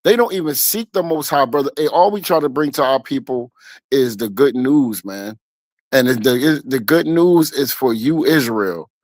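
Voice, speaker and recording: Man, casual street preacher, halting riffs, dry close mic. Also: mid-range voice, dry recording. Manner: street-talking preacher, reads verses then riffs with fillers. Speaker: elder leading a scripture discussion stream.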